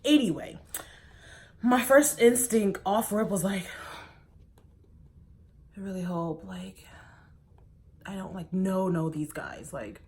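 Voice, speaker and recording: Young woman vlogging, talks fast and loose, says like a lot, acts out what everyone said. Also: medium pitch. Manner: animated, quotes people in her own voice, says "like" a lot. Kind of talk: casual storytelling to camera.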